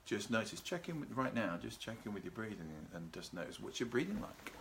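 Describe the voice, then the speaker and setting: Male host for a relaxation talk, low and calm, leisurely delivery. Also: vocal fry, a little hiss or hum. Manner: calm, unhurried, greets live viewers by name. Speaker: seminar host. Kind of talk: live video talk on relaxation. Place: at home with a garden behind.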